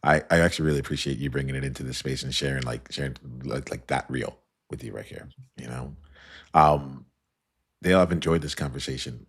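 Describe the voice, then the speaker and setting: A man's voice: extremely low pitch, husky. A male host in a casual interview, appreciative and hesitant, with many fillers.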